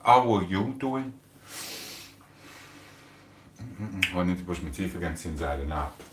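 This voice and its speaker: British man, lowish voice, rambling stream chatter, roomy echo, mic far off, faint hiss. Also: animated, unhurried. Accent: British English. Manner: rambling, talks to chat, mumbled fillers. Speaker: livestreamer. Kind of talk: casual live stream chat.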